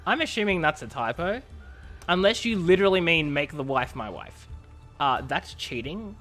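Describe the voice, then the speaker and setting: A man's voice: fairly high pitch, lively intonation, moderate pace, bright, forceful tone, soft background music. A man streaming a video game, giving sarcastic, rambling live commentary.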